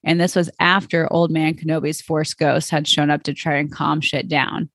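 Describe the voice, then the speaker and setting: A woman's voice: deep voice, flat delivery, moderate pace, no echo. A woman podcast host reading fan fiction aloud in a plain storytelling voice, with small stumbles.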